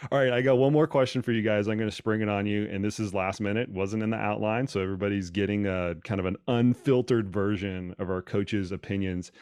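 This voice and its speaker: A man's voice: lowish voice, steady tone, fairly quick, hardly any pauses, a little mellow, smooth, no room sound, studio quality. A man hosting a podcast and talking casually about training, thinking aloud and often repeating words. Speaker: podcast host and running coach.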